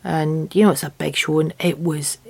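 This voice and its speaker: Lively Glaswegian woman telling a story. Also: sits low, normal speed, vocal fry, breathy edge. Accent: Scottish (Glasgow). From Glasgow, Scotland. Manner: lively, swears freely, laughs through the story. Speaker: guest, singer in a band. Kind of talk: casual anecdotal storytelling.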